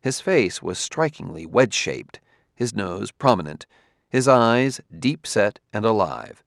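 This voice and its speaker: Man narrating an audiobook, low voice, measured and expressive, dry close-miked sound. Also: gravelly, no echo. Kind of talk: scripted narration.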